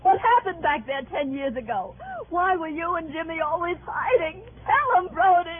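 An actress voicing an anxious, grieving widow who pleads in a shaken voice, in 1940s radio acting. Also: female voice, very high-pitched, expressive, moderate pace. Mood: pleading. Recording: tinny old radio broadcast.

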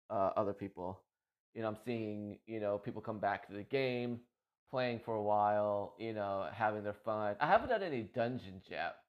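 This man, who makes gaming videos, talks loosely about a game in a medium-pitched voice captured with lo-fi sound. He rambles, repeats himself a lot, and is quick to laugh.

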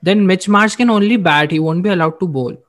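A man's voice: sits high, a little fast. A man with an Indian English accent co-hosting a casual cricket chat, slipping Hindi phrases into his English as he tells stories. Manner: mixes Hindi into English, animated storytelling. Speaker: podcast co-host.

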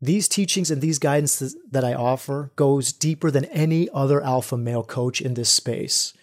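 In a reflective, earnest solo episode, a podcast host serves as a spiritual guide for men and calls his listeners brothers. He talks at a moderate pace with a medium-pitched voice.

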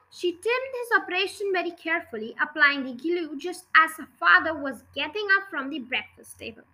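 A woman narrating a children's storybook chapter in an expressive, lively read-aloud. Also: very high-pitched, rough recording. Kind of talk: storybook reading.

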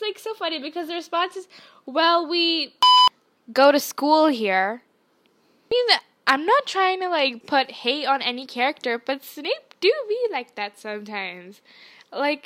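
Woman podcast host, high-pitched, casual chatty delivery with lots of fillers. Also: fairly bright tone. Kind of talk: casual reaction chat.

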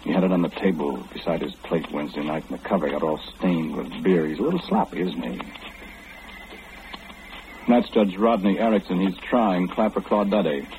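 An actor playing a calm, wry clairvoyant man who knows everything, in 1940s radio acting. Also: deep voice, phone-quality sound, background noise, lightly acted. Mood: knowing. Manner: knowing, unhurried, gently mocking.

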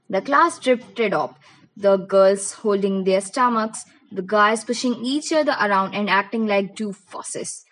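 A woman's voice: mid-range voice, measured pace, fairly bright tone, low-quality recording. A woman narrates a novel in the first person. She reads steadily and expressively, in a plain everyday voice. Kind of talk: audiobook reading of a novel.

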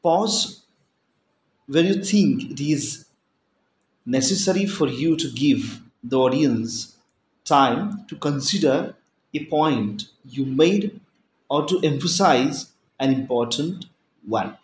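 A man giving a recorded lesson, speaking in slow, deliberate phrases with pauses between them. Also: a little high, expressive, a little hiss or hum. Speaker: teacher. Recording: echoey room with faint ambience.

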